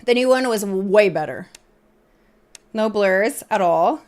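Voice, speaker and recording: A woman's voice: mid-range voice, takes it slowly, long pauses, darkish tone. A woman streamer chatting casually in a rambling way, full of fillers and restarts.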